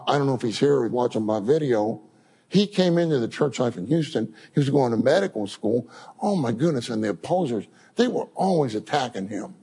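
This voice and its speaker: Male preacher, informal sermon, husky tone, slightly high, very animated pitch. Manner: animated, repeats words and calls out prayers.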